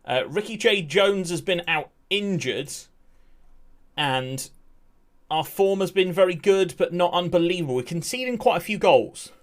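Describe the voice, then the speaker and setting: A young man streaming a football management game, talking loosely and informally to his viewers. He is a bit out of breath and swears casually, and his voice sits fairly high for a man. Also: expressive, measured pace. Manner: chatty, greets chat by name, swears casually. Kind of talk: casual live-stream chat.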